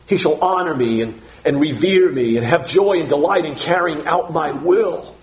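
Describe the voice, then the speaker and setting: A man delivers a sermon in an earnest voice pitched a little above the usual for men. He often restarts and repeats his words, and he slows right down to stress key phrases. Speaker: preacher.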